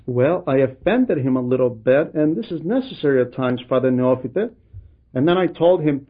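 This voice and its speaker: A man's voice: mid-range voice, animated, fairly quick. A man earnestly retelling a monk's story to a gathering and voicing the people in it. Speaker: religious storyteller addressing a gathering. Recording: dull lo-fi recording.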